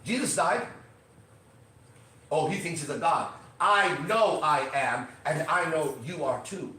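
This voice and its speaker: A man hosting a podcast, ranting with intensity and swearing, swinging between shouts and low murmurs. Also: slow pace, far from the mic. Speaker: podcast host. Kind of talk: fiery motivational podcast rant. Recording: echoey room, voice from off mic.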